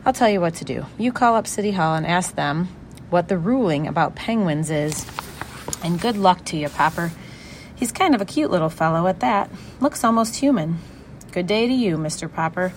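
A woman's voice: fairly low pitch, animated, normal speed, a little hiss or hum, lightly acted. A woman voicing an easygoing male policeman in a storybook reading, friendly and a little hesitant.

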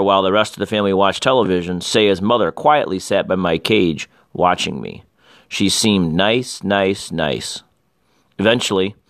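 Low-voiced man reading a kids' book. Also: fairly bright tone, dry recording, studio quality. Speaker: teacher reading aloud. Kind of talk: reading a children's book aloud.

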